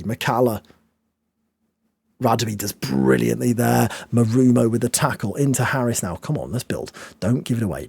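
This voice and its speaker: A young man commentating a football management game, swinging between nervous mutters and loud excited outbursts. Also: medium pitch, a little fast, gravelly, slightly rough, no echo. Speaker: game streamer.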